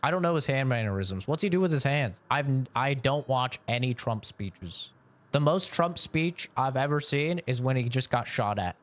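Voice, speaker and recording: A man's voice: medium pitch, expressive, normal speed. A young man streaming a game, chatting casually with chat, joking, laughing and swearing freely. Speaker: gaming streamer. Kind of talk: casual live-stream chat, reading chat requests.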